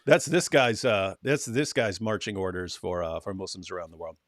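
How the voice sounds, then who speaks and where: A man's voice: deep voice, normal speed, no room sound, studio quality. A man co-hosting a casual livestream, reading viewer comments and joking with his co-host. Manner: animated, reads viewer comments aloud with mocking voices.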